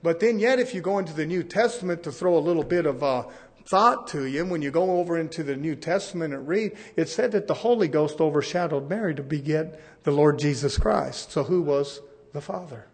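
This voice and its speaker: High-voiced male preacher, animated sermon delivery. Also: fairly quick. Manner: animated preaching that swings from loud to hushed.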